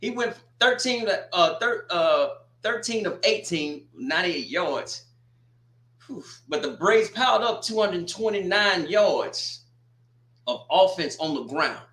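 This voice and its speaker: Man, casual football recap, animated and joking, bright forceful voice, echoey room. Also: high voice, takes it slowly. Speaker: sports commentator.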